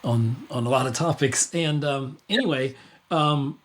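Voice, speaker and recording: Man, podcast host, casual chat, rambling, lots of restarts, mid-pitched voice. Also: measured pace. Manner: rambling, with many restarts and fillers.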